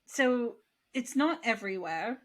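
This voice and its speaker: A woman's voice: a little high, lively intonation, unhurried. A woman co-hosting a podcast, chatting casually and rambling with a lingering cough. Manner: chatty, rambling, asks questions aloud. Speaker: podcast co-host. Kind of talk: casual chat.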